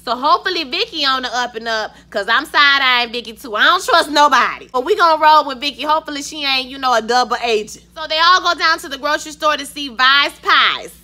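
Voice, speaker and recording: A woman's voice: high-pitched, lively intonation, a little fast, hardly any pauses, sharp tone. A woman recapping a TV episode in casual, emphatic chat, talking straight to her viewers. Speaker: TV recap vlogger; schoolteacher.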